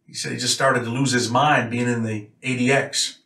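A man's voice: medium pitch, steady tone, normal speed, bright, forceful tone. A man from New York State, a former prisoner, telling a story in a blunt, matter-of-fact way. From Rochester, New York. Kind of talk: casual storytelling. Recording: roomy echo, mic a bit far off.

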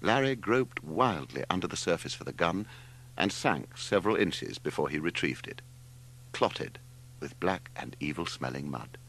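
An older man reading a novel aloud as audiobook narrator, in an expressive storytelling manner. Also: moderate pace. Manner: expressive storytelling, wide swings in pitch. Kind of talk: scripted narration.

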